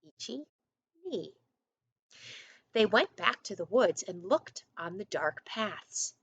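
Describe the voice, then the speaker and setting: A woman first grade teacher reading a storybook aloud to her class, animated and coaxing, with little asides to the children. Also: mid-range voice, slow, vocal fry, slightly rough, no echo, dull audio.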